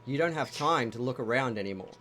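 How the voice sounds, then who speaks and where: A man's voice: medium pitch, animated, fast talker, fairly bright tone, a little hiss or hum. A man running a tabletop game show as game master, casual and profane, building tense scenes. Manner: casual, swearing, dramatic scene-setting.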